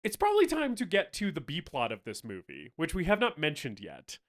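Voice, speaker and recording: A man co-hosting a casual movie review podcast, animated and swearing, laughing often and acting out scenes. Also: fairly high pitch, fairly quick. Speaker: podcast co-host.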